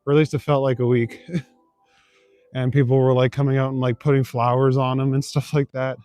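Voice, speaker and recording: A young man talks easily to his chat as he strolls outdoors at night, full of "like" and little laughs. His voice sits at an ordinary middle pitch. The sound is dry and close, with a bit of faint music underneath. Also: flat delivery, a little fast, dark tone, no echo. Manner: laid-back, chuckling, rambling with many fillers. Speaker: livestreaming vlogger. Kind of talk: casual chat, reading and answering viewer comments. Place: city streets at night, outdoors.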